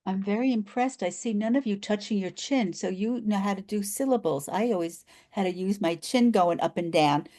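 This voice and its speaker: An older woman facilitating a group video call, gently explaining and repeating instructions. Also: medium pitch, normal speed, few pauses, no echo.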